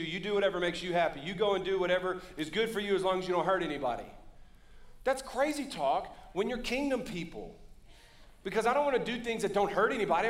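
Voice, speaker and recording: A man preaching a lively sermon as pastor, joking and calling on the congregation to respond. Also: on the high side, reverberant. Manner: joking, calls for audience response. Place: church sanctuary.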